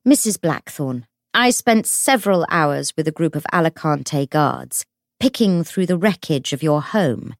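A woman doing a brisk, authoritative official. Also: sits low, animated, no echo, clean studio sound. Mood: firm formal. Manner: practiced, projecting, authoritative. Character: small, neat middle-aged woman official, brisk.

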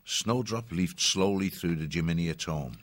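Audiobook narrator: man with a very low voice, dry close recording, measured delivery. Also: a bit bright, no room sound. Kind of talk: scripted storybook narration.

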